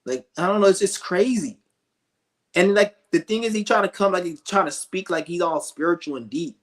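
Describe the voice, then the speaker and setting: A man's voice: high voice, normal speed. A male streamer ranting with scorn, rambling and cursing as he goes. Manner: profane, scornful, rambling rants. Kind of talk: ranting commentary.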